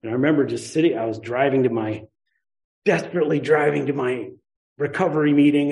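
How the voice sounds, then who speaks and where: A man's voice: mid-range voice, brisk, a little mellow, low-quality recording. A man teaching Buddhist ideas in a casual, conversational dharma talk, with playful asides.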